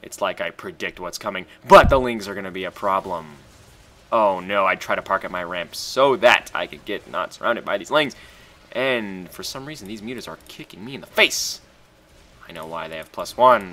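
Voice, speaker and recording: A man casually commentating a strategy game he played, excitable and profane, often bursting into loud shouts. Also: deep voice, moderate pace. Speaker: gamer commentating his own match.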